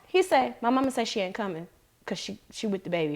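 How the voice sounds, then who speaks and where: A young adult woman co-hosting a podcast, telling stories in casual chat with loud acted-out quotes and free swearing. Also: a little high, very animated, quick pace, noisy background. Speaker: podcast co-host.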